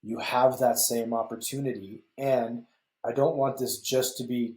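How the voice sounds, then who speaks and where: A man's voice: medium pitch, flat delivery, measured pace, a little mellow. Earnest man in his fifties, echoey room. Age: 50s. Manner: earnest, storytelling, speaks directly to male listeners. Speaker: guest author and men's coach. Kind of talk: reflective podcast interview talk.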